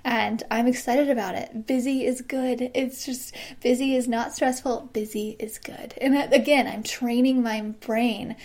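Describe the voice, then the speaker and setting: A woman in her thirties hosting a casual solo podcast, bubbly and quick to laugh. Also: on the high side. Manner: bubbly, laughs often, acts out quoted excited voices. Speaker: podcast host.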